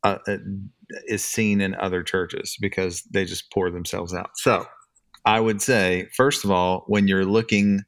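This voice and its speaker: In this casual podcast discussion about church leadership, the middle-aged co-host sounds deep, steady and unhurried. His tone is clear and resonant, the recording dry, and he pauses thoughtfully as he looks for his words.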